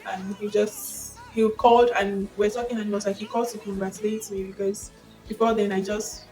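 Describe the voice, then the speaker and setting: A young woman with a Nigerian accent shares a personal testimony in a casual vlog. She tells it expressively and breaks into excited exclamations. Her voice sits a little back from the microphone over faint background music. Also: medium pitch, a little fast, recorded from a distance, poor audio. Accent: Nigerian English. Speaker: vlogger sharing a faith testimony.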